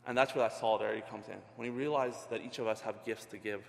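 A man's voice: on the low side, fairly even intonation, quick pace, creaky, long reverb tail, slight background noise. A middle-aged man giving an earnest, conversational sermon as a ministry leader, often restarting his phrases.

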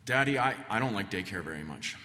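A man voicing his mischievous five-year-old daughter, with a lifted, bright tone. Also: fairly low pitch, lively intonation, quick pace, long reverb tail. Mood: childlike.

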